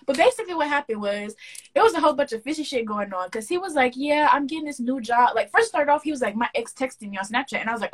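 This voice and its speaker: A young woman co-hosting a casual podcast, telling a story with lively slang and acting out the quoted dialogue. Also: high-pitched, quick pace. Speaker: podcast co-host.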